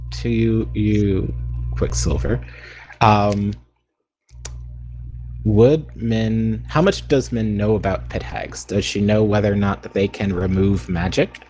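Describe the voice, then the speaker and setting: Male player, lowish voice, eager and rambling, faint music underneath. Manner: eager, rambling, describes his character's plans. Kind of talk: playing a tabletop game.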